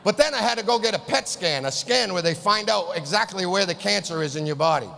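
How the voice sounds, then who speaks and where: Here the East Boston comedian is brisk and animated, swearing his way through an exasperated rant. Punchlines are shouted in a high, bright, gravelly voice that rings out in a live hall's long reverb, faint room noise behind it.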